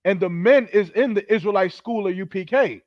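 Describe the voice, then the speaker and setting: A man with a fairly high voice lectures his listeners, scolding and swearing as he preaches. The recording sounds dull and dry, with no room around it. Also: normal speed, dry recording. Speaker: podcast host. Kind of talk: heated commentary.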